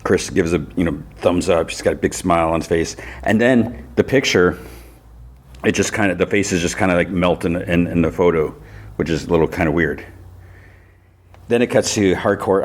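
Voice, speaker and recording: A man with a very low, deep voice hosting a casual podcast. He retells a TV episode scene by scene with plenty of fillers. He jumps up in pitch to act out each character's lines. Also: normal speed. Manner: loose storytelling that acts out characters' lines in a raised voice; many fillers like "you know" and "like". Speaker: podcast host recapping TV episodes.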